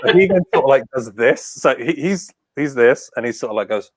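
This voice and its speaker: A man's voice: medium pitch, fairly quick, dry recording. A man co-hosting a casual chat, telling stories with lots of acted-out quotes. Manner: animated storyteller, acts out quotes. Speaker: podcast co-host.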